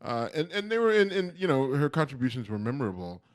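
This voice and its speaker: Talking fast with big swings in his medium-pitched voice, a middle-aged podcast co-host chats loosely. He wanders from point to point and fills the gaps with plenty of ums and you-knows.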